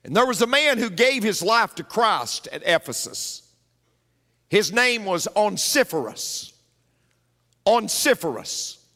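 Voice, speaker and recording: A man preaching with a rather high voice. He tells stories from the pulpit and repeats his key lines for emphasis. His voice rings with the long reverb of a church hall. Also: very animated, measured pace, bright, forceful tone. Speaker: pastor. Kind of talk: sermon.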